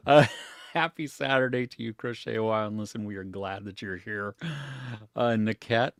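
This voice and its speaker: A man's voice: lowish voice, fairly even intonation, moderate pace, creaky, a bit bright, clear, resonant tone, no echo, clean studio sound. A man co-hosting a livestream, chatty and giggly as he greets commenters. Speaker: co-host reading live chat. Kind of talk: casual livestream chat.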